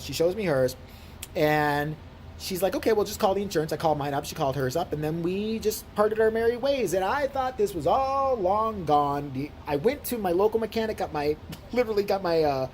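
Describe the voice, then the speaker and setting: Her voice lowish and backed by a faint hiss or hum, a woman vlogger launches into an animated, indignant story full of swearing, turning it into a profane rant.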